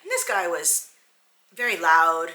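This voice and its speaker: A woman's voice: fairly low pitch, big pitch swings, a little slow, pushed and bright. A hairstylist woman casually telling candid, digressive stories about her salon clients. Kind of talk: casual storytelling vlog. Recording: roomy echo.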